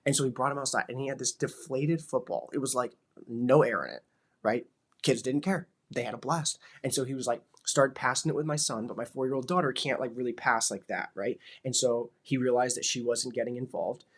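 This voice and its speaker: A man's voice: medium pitch, a little fast. A man in his thirties, a father, talking in a casual, rambling way and filling his sentences with "like" and "you know". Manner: rambling, many filler words. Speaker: vlogger, father. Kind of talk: casual reflective talk.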